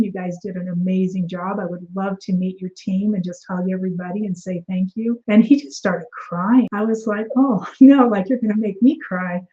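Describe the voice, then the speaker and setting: A woman's voice: mid-range voice, mellow, highs cut off. A woman, a guest energy healer, telling her story in a casual interview and acting out the dialogue as she goes.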